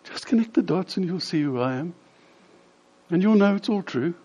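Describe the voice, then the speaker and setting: A preacher voicing an earnest, pleading teacher. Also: male voice, sits high, expressive, moderate pace, a little mellow, breathy edge, voice pushed up. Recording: slightly dull lo-fi sound.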